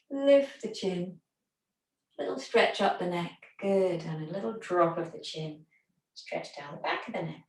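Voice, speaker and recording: A woman instructor calmly guiding a gentle recovery exercise class with step-by-step stretches and breathing. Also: medium pitch. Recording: echoey room, voice from far off.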